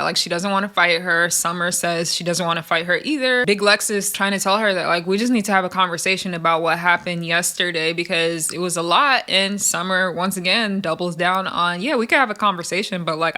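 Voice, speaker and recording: A woman's voice: lowish voice, sharp tone. A woman giving a casual, chatty recap of a reality TV show. She fills her talk with "like" and "literally" and acts out the quotes.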